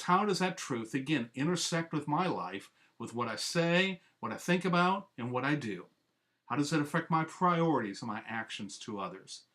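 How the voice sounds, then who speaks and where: A man's voice: on the high side, fairly bright tone. Earnest man teaching step by step. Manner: earnest, methodical teacher, lays out steps. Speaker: discipleship trainer. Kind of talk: instructional training talk.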